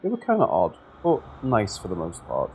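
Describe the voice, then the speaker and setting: A man narrating true scary stories, steady and measured in his reading. His voice sits on the low side. It is a scripted narration for a story channel. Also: vocal fry, a little hiss or hum.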